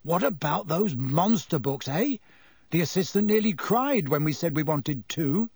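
A joking, cheeky teenage boy, as a male narrator puts him on, quick to tease and full of excitement. The voice sits a touch above the reader's own. Close, dry sound. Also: on the high side, breathy edge, dry recording. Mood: proud.

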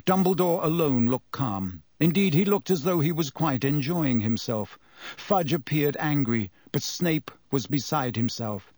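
A man narrating an audiobook with an expressive delivery. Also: a little high, a little slow, dry recording, clean studio sound. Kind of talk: audiobook reading.

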